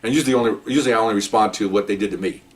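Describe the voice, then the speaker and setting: A man's voice: on the low side, racing, far from the mic. An older man, a retired police officer, telling stories casually, chatty and joking, with frequent "okay?" asides. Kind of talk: casual first-person storytelling.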